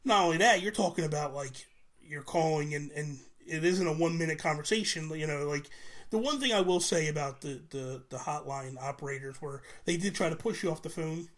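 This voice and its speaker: Animated man in his forties telling stories. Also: a little high, a little fast. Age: 40s. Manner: animated storyteller, swears freely. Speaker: podcast guest. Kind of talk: casual chat.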